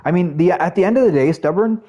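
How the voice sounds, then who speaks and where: Guy streaming, chatting to chat, rambly and loose, kinda mellow dark tone. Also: high-pitched, fast talker. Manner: chatty, rambling, talks to chat, frequent fillers. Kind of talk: casual live-stream chat.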